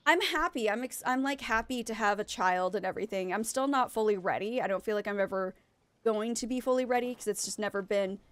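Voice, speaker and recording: A woman's voice: mid-range voice, brisk, a bit bright, clear, resonant tone, no room sound. A young adult woman streaming a game and chatting candidly with her viewers, venting emotionally and often restarting her sentences. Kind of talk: casual chat with viewers while gaming.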